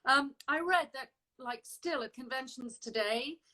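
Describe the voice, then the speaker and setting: A woman hosting a casual interview, with a high voice and a bright, ringing tone. She is chatty and expressive and often laughs along as she talks. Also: a little slow, low-quality recording. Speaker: interview host.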